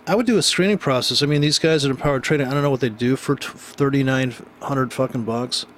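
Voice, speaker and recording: A man's voice: medium pitch, fast, fairly bright tone. A man with a mid-range voice talks through trade setups in a loose, off-the-cuff way. He is blunt, rambles between thoughts and swears without hesitation. A faint hiss of noise sits under the recording. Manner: blunt, rambling, swears freely, asks rhetorical "right?". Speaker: trading educator. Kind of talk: casual unscripted trading commentary.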